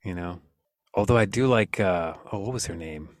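A man's voice: low-pitched, moderate pace, dry recording. Laid-back wry man, dry close sound. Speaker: podcast host. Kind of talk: casual chat.

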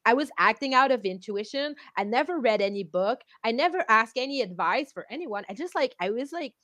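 A young woman hosting a podcast interview, telling a personal story in lively, animated bursts and acting out other people's voices along the way. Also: a little high, fairly quick, no echo. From outside the US. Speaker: podcast host. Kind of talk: casual interview chat.

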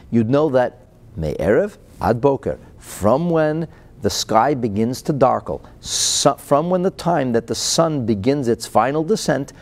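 A man teaching a Chassidic discourse with a mellow, warm tone. His pitch swings widely as he poses rhetorical questions and answers them, chuckling often. He reads out Hebrew phrases and then translates them into English. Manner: lively, asks rhetorical questions, chuckles between points. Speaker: Torah teacher.

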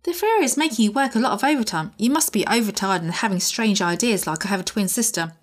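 A playful, teasing young woman from a saucy story, read out by a woman. Her pitch stays middling and the reading is plain. There is little put-on in the voice. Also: expressive, quick pace, lightly acted. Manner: read aloud, lightly voiced.

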